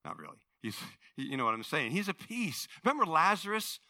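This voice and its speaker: A male pastor preaching a sermon, telling a story with animated voices and swinging from hushed to loud. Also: on the high side, a little fast, no echo.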